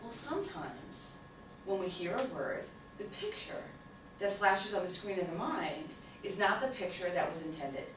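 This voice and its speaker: A woman from New York with a New York accent, telling a story to an audience and acting out both sides of the conversation in an animated way. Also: mid-range voice, normal speed. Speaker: speaker on communication. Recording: distant echoey room with noise.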